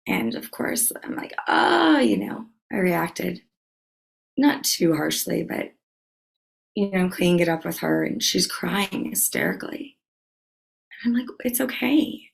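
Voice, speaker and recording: A woman's voice: lowish voice, sing-song, unhurried, vocal fry, pauses often, rough recording. A woman from Louisiana hosting a podcast, chatting casually and telling stories with plenty of fillers. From Louisiana, USA. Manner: chatty storyteller, many fillers. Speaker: podcast host. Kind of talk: casual chat.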